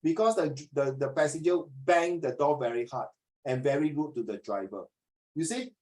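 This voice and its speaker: This is a middle-aged man with a Singaporean English accent who is teaching a class. He jokes, keeps things lively and fires questions at his students. His delivery is chatty and full of local turns of phrase. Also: on the high side, moderate pace, rough recording. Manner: joking, animated, asks students questions.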